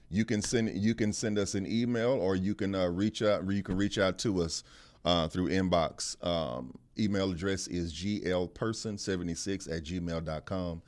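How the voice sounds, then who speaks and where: A man from Texas with a Texan accent hosting a podcast, emphatic, repeating his phrases and laughing loudly. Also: low-pitched, normal speed. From Texas, USA. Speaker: podcast host. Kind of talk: casual podcast chat. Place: podcast studio.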